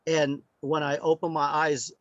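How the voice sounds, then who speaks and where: A man telling a casual story as a guest speaker on sound healing. He talks in animated anecdotes with many fillers. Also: a little high, measured pace, dry recording. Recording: dry, slightly muffled lo-fi audio.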